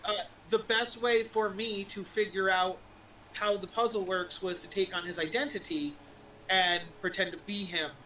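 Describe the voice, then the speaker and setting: A man's voice: high-pitched, steady tone, sharp tone, a little hiss or hum, rough recording. A man voicing a blunt male impostor who drops his wizard disguise, talking in earnest and tripping over repeated words. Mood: leveling, earnest. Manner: earnest, hurried, repeats himself.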